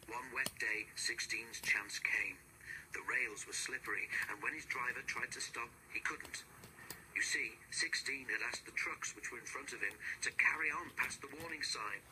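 A man narrating a storybook with lively, expressive reading. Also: mid-range voice, normal speed, slight background noise, low-quality recording.

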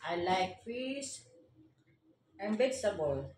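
A woman's voice: medium pitch, big pitch swings, slow pace, a little mellow, roomy sound, a little hiss or hum. Woman speaking in short, blunt phrases. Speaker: host's wife. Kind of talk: casual chat.

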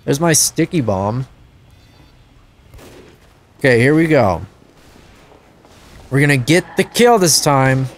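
A man giving live gameplay commentary as a channel host, excitable and prone to loud frustrated outbursts and swearing. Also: mid-range voice, slow, pauses often.

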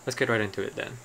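Rambling man streaming a game. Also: fairly low pitch. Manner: rambling, thinks aloud with many ums. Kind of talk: casual gameplay commentary.

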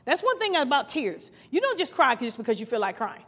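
A woman's voice: sits high, very animated, fairly quick, a bit bright. A woman co-pastor from Ohio preaching a fervent podcast sermon, repeating her phrases and laughing now and then. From Ohio, USA. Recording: long hall reverb.

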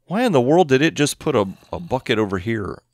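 A man's voice: mid-range voice, very animated, brisk, darkish tone, no room sound, studio quality. A man hosting a modded game video, chatting casually and thinking aloud as he plays, counting items under his breath. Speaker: gameplay channel host. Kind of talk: casual gameplay commentary. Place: home room with his cat.

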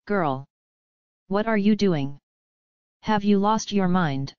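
A woman's voice: medium pitch, takes it slowly, a little mellow, smooth, no echo, highs cut off, close to an everyday voice. A woman reading as a stern royal princess. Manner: stern, formal old-fashioned speech. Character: proud royal princess, elder sister, commanding.

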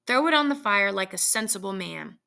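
Lady voicing a stubborn old soldier guy, slow and solemn, super gravelly, bright edge. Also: medium pitch, animated.

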